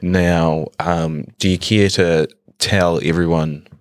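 A young man with an extremely deep voice chats as a podcast guest. He talks in an easygoing way, full of "um" and restarts. The sound is dry and close, with no room echo. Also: steady tone. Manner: easygoing, halting, many fillers and restarts. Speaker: guest guitarist. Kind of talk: casual podcast chat. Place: indoor room with a painting on the wall.

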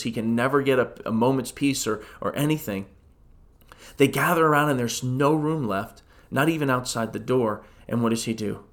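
A man, a pastor, teaching a Bible study podcast in a conversational way, full of rhetorical questions and restarts. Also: mid-range voice.

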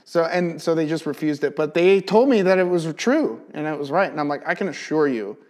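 A man teaching in a casual, animated way, telling a personal testimony and leaning heavily on "like". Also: fairly high pitch, fairly quick. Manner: animated storyteller, chatty with many "like" fillers. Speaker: Bible teacher.

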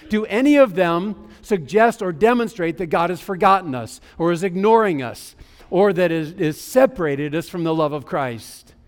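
A man with a high-pitched voice preaches a sermon, driving his points home with emphatic declarations and drawn-out key phrases. His voice carries a long reverb, as in a large hall. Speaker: pastor.

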